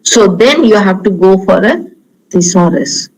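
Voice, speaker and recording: A man with an Indian English accent giving an online lecture on pronunciation, slowing down to model words, with frequent fillers. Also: high-pitched, lively intonation, darkish tone, poor audio.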